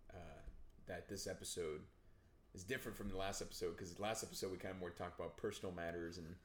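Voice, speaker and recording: A man's voice: sits low, fairly even intonation, quick pace. A young man co-hosting a casual podcast chat, laid-back, swearing freely and trailing into fillers. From New Jersey. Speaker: podcast co-host. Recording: echoey room with faint ambient noise.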